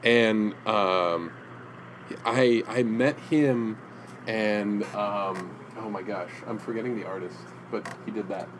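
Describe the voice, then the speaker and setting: A man co-hosting a podcast in casual chat, telling halting, rambling stories full of restarts. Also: on the low side, slight background noise, low-quality recording. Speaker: podcast co-host. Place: indoor room with comic prints.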